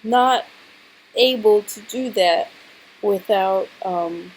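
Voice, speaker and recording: A woman's voice: medium pitch, drawn-out words, slight background noise, poor audio. A young woman vlogger with a sore throat, telling a story in a chatty, dramatic way and saying "like" a lot. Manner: chatty and dramatic, heavy use of "like". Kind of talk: casual storytelling to camera.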